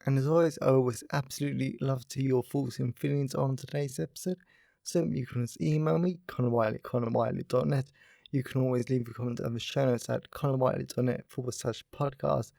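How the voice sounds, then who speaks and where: A young man talks through his solo podcast in a loose, rambling way, dropping "like" into nearly every phrase. His mid-pitched voice carries a gravelly, fry-edged texture. The sound is close and dry, with no room around it. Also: a little mellow, no echo. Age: young adult. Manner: upbeat, rambling, heavy use of "like" fillers. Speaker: podcast host. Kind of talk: casual solo podcast chat.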